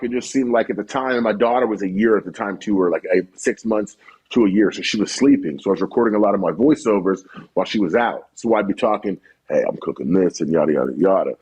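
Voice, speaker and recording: A husky, slightly breathy man in his thirties talks casually on a podcast. He tells stories with energy, swears freely and drops into quick impressions of what other people say. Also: lowish voice, poor audio. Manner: animated storyteller, swears freely, quotes people in funny voices. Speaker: podcast guest, cooking content creator.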